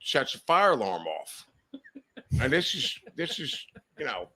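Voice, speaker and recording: A crowd can be heard behind a very animated, unhurried man with a mid-range voice. As a podcast guest, he casually rambles through profane anecdotes, laughing as he tells them.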